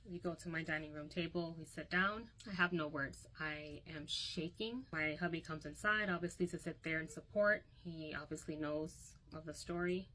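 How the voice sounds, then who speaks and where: A woman's voice: deep voice, moderate pace, hardly any pauses, pushed and bright, low-quality recording. A young woman recounting a painful personal story to her phone, candid and emotional, often quoting others.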